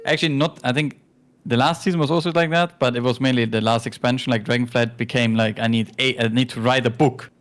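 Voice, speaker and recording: A man coaching a gamer in casual chat, explaining mechanics in a halting way with many restarts. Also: mid-range voice, fairly even intonation. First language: German. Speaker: game coach.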